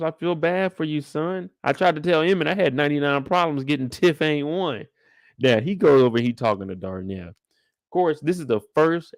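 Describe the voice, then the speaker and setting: A man's voice: medium pitch, dry recording, studio quality. A young man hosting a casual live after-show discussion. He talks in slang, jokes around, and speaks straight to the show's characters. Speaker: TV recap host.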